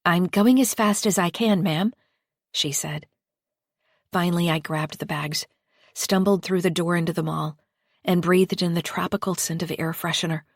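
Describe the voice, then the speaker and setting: A woman narrating a first-person psychological thriller audiobook in a measured, deliberate reading. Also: fairly low pitch, gravelly, husky, no echo, clean studio sound. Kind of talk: scripted narration.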